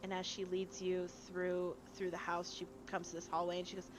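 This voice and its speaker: A woman's voice: lowish voice, monotone, normal speed, hardly any pauses, noisy background. A woman narrating as game master of a tabletop game in a chatty, rambling way.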